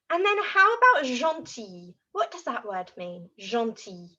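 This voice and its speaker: Bright lively lady teaching little kids, sing-song voice, kinda dull lo-fi sound. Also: fairly high pitch, a little slow, few pauses. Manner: animated, sing-song, models words for repetition. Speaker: children's French teacher. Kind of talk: lively teaching for young children. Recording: dull lo-fi audio.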